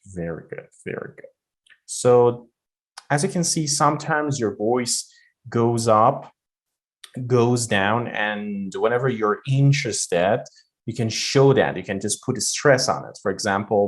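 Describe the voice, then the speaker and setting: A man's voice: lowish voice, unhurried. A man teaching English pronunciation, explaining intonation in loose everyday talk with many fillers and spoken examples.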